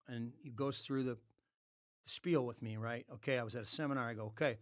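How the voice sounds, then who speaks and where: A man at a middle pitch for his sex, spinning a long tale in a relaxed podcast chat. He swears freely and slips into the voices of the people in his story as he goes. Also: normal speed, pauses often. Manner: animated, acts out quoted dialogue, swears freely. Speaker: podcast guest. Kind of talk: casual storytelling.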